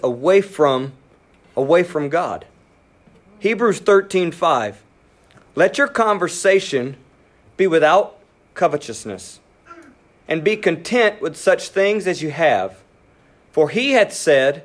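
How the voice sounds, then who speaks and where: Male pastor, sermon delivery, slightly high voice, animated, speeds up and drops to a hush. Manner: animated, acts out inner voices, quickens and drops to near whisper.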